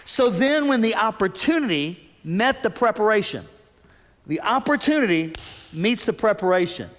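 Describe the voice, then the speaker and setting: A man preaching a sermon as pastor, animated, acting out the voices he quotes. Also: sits high, moderate pace. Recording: long hall reverb.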